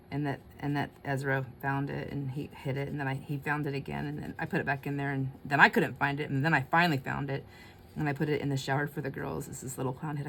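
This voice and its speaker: A woman with a low-pitched voice hosts a relaxed crafting session, talking warmly to her audience. She laughs easily and mutters little asides to herself as she works. A faint background hiss sits under the recording. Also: gravelly. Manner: chatty, laughs often, talks to herself while working. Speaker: craft channel host. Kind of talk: casual crafting chat to viewers.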